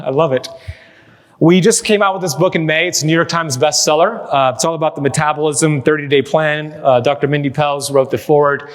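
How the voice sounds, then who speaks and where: Energetic man giving a keynote in an echoey hall. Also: fairly high pitch. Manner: energetic, joking storyteller. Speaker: keynote speaker. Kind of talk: live keynote presentation. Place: large hall with live audience.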